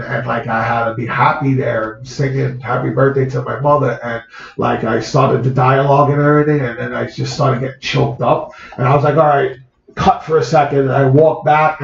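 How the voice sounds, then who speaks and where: A man, an actor, recalls a personal story in conversation, halting and repeating words as the feeling comes through. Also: mid-range voice, creaky. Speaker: actor, guest. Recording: roomy, dull lo-fi sound.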